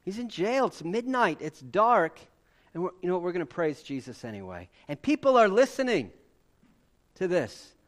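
A male pastor delivering a sermon in a casual, conversational tone. His voice sits high and swings widely from bursts to quiet drops. He keeps asking the audience rhetorical questions. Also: sing-song, moderate pace.

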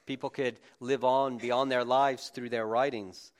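A man's voice: medium pitch, flat delivery, a little slow. A man preaching a conversational sermon to a gathered congregation, speaking informally with frequent restarts and asides. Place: room with a live congregation.

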